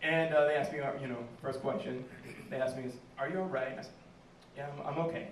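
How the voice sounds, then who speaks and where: A man's voice: mid-range voice, fairly even intonation, fast talker, slight background noise. A man telling a stand-up story in a small venue, acting out quoted lines and laughing at his own jokes. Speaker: stand-up comedian. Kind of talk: stand-up comedy set. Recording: echoey room, mic heard from a distance.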